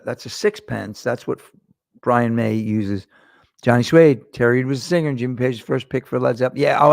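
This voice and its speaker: A man with a gravelly voice hosts a casual livestream, chatting to his viewers in a loose, joking way with plenty of swearing. The sound is close and dry, with no room echo. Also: mid-range voice. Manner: loose, profane, joking, talks to chat viewers. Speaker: host.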